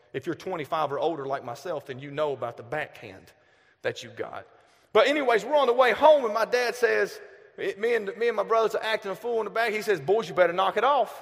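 High-voiced Southern preacher in a reverberant hall. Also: male voice. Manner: animated, shifts from loud bursts to hushed asides. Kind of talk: storytelling sermon.

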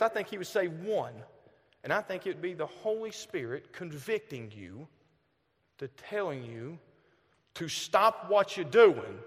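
Southern male preacher, 30s, high voice, animated storyteller, long church-hall reverb. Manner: animated, shifts from loud bursts to hushed asides. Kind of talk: storytelling sermon.

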